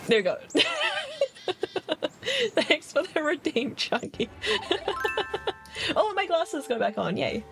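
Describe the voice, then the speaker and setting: A woman's voice: high-pitched, wildly swooping pitch, takes it slowly, creaky, pauses often, over music, rough recording. A woman streaming a game in casual chat, laughing constantly and reading out her chat, with a noticeable accent of her own. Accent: non-standard accent.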